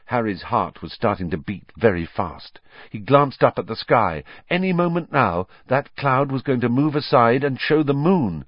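A medium-pitched man narrates an audiobook from a script, telling the story in a measured, expressive way. The recording is dry, dull, and lo-fi.

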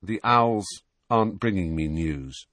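A man reading aloud and voicing a defiant teenage boy who answers in a cold, flat, clipped way. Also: low-pitched, takes it slowly, breathy edge, dry recording, heavily acted.

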